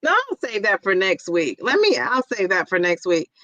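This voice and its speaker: Middle-aged woman, livestream host, chatty and laughing, bright tense voice, dry close sound. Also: mid-range voice, huge pitch swings, moderate pace, dry recording, dull audio. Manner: chatty, laughs often, exclaims "Jeez Louise". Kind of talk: casual livestream chat reading comments.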